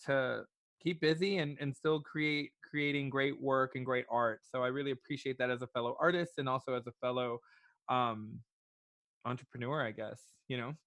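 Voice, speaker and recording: A man's voice: mid-range voice, fairly even intonation, normal speed, a bit bright, no echo. A man hosting a podcast interview in a casual, chatty way, often restarting his sentences. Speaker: podcast host.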